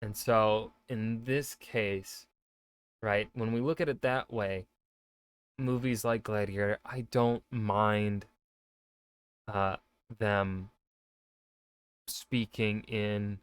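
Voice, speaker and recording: A man's voice: on the low side, smooth, no echo. A man, an author, giving casual reaction commentary, rambling with many fillers and restarts. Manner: rambling, lots of fillers and self-corrections.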